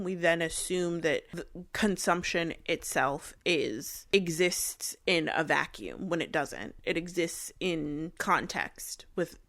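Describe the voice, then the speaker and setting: Young woman, lower voice, casual opinionated vlog chat on a phone, dry room. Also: a bit bright, no room sound. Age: young adult. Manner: chatty, opinionated, reads blurbs aloud. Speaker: book vlogger. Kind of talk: casual book haul chat.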